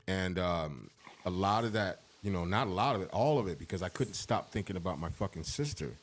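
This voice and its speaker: A middle-aged man talking on a podcast, heartfelt and halting, holding back tears as he speaks. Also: deep voice, expressive, a little hiss or hum. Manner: heartfelt, profane, halting with restarts. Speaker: podcast co-host. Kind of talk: emotional casual podcast talk.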